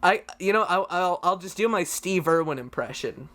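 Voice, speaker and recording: A man's voice: sits high, expressive, moderate pace, a bit bright. A man from Canada hosting a casual chat, with wry, dry asides. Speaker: host.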